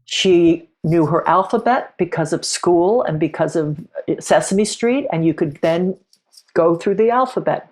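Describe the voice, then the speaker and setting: A middle-aged woman who is a podcast guest, telling a personal story in a reflective, halting way with frequent restarts. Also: on the low side, expressive, darkish tone.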